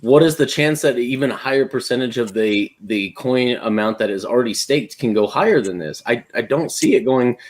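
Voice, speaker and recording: A man on a group call, talking haltingly with many restarts and politely disagreeing. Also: mid-range voice, expressive. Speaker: guest on a call. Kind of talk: casual debate.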